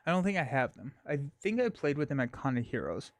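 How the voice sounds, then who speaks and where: A man's voice: mid-range voice, very animated, no echo. Casual man thinking aloud, dry sound. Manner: thinks aloud, halting with fillers and restarts. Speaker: live stream host. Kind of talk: casual live-stream chat.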